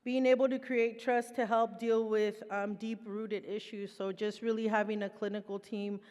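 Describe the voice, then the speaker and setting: A woman's voice: mid-range voice, little pitch movement, normal speed, darkish tone, long reverb tail. A woman giving a conversational, heartfelt presentation as a recovery program participant. Her talk is loose and full of fillers.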